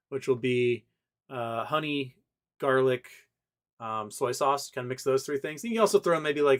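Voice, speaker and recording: A man's voice: on the high side, a bit bright. A man hosting a casual livestream, rambling with lots of fillers and restarts as he reads out viewer chat. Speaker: livestream host.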